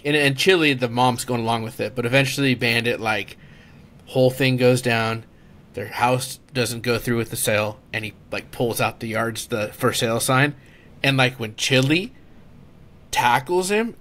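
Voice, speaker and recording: Man, podcast co-host, medium voice, excitable, laughs easily, casual chat. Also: mid-range voice, normal speed. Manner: excitable, laughs easily, says "dude" and "like" a lot.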